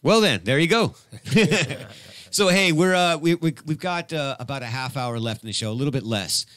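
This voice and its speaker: A middle-aged man hosting a live radio show, rambling and excitable, with many restarts. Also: on the high side, moderate pace, no echo. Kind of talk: casual live radio chat.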